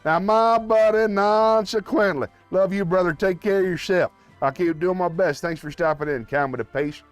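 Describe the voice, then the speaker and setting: A man's voice: high-pitched, moderate pace, faint music behind. Folksy, joking man hosting a stream. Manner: folksy, joking, chats with viewers. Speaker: live-stream host. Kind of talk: casual live-stream chat.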